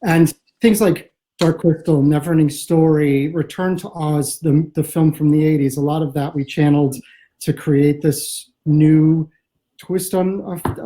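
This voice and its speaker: A man's voice: a little high, dark tone, low-quality recording. A man from the American Midwest, a comic writer as an interview guest, talking over a video call in a thoughtful, rambling way. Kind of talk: casual interview chat.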